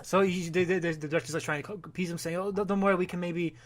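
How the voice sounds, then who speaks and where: Guy on a podcast, kinda high voice, recapping comics and doing the lines in quick voices. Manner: animated retelling, acting out dialogue in quick voices. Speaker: podcast host. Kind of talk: casual comic book discussion.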